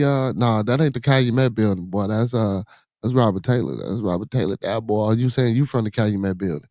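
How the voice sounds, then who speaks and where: A man's voice: lowish voice, expressive, fairly quick, mellow, no echo, studio quality. A middle-aged man from Chicago with a Chicago accent, hosting a solo live-stream podcast in laid-back street slang, repeating his phrases and greeting viewers in the chat. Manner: laid-back street slang, repeats phrases, constant "you know what I'm saying". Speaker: podcast host.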